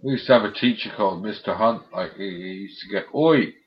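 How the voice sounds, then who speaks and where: A man's voice: on the low side, fast talker. A man chatting on a live stream, retelling comedy sketches with laughter and plenty of swearing. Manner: laughing storyteller, acts out quotes, swears freely. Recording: dull lo-fi stream audio.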